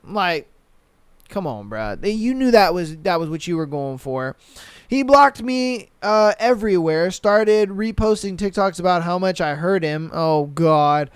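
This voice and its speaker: A young man hosting a podcast, reading listener stories aloud and reacting with animated, profane commentary. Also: sits high, unhurried, smooth, no echo. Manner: animated, swears a lot, mocks with put-on quotes. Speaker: podcast host.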